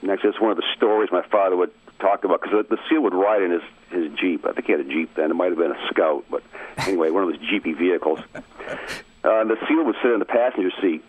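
A man's voice: low-pitched, fast talker, breathy edge. A middle-aged man from Maine, a radio guest telling a family story over the phone in an easygoing, chuckling way. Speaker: interview guest. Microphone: telephone. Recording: tinny dry phone line.

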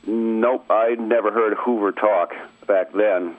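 Speaking slowly and with fairly even intonation, a middle-aged man from Maine shares a family story as an interview guest on the radio. His lowish voice comes over a tinny, dry telephone connection without any echo, and his manner is easygoing and chuckling.

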